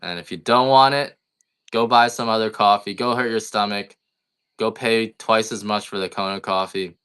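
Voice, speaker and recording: A middle-aged man talks casually and bluntly on a livestream, wandering from one complaint to the next. His voice sits low in pitch yet has a tense, bright edge. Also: steady tone, moderate pace, clear, resonant tone. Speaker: coffee farmer selling on a livestream.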